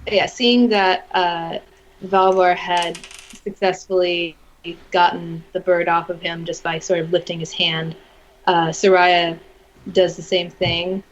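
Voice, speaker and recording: A woman playing a tabletop role-playing game, describing her character's actions in a hesitant, soft-spoken way. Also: fairly low pitch, flat delivery, slow pace, lo-fi sound, a little hiss or hum. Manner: hesitant, soft-spoken, laughs between lines. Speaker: player.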